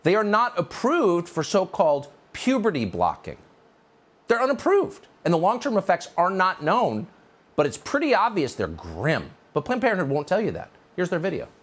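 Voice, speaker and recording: A man delivering a sarcastic, indignant opinion monologue as a commentary host. His voice sits a little high and swings wildly up and down in pitch for emphasis. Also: wildly swooping pitch, moderate pace.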